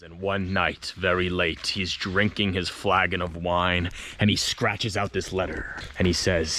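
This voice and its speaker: A man vlogging outdoors on a hike, telling a history tale in an animated, excitable way with casual swearing. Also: low-pitched, a little slow, background noise. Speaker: travel vlogger and history storyteller. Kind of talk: casual storytelling vlog while hiking.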